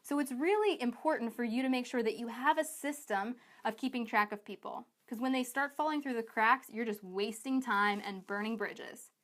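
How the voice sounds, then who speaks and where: A woman with a somewhat high voice delivers a sales training talk to coaches. She talks in a chatty, energetic and emphatic way, and she keeps slipping into her clients' voices for quick asides. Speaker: business coach.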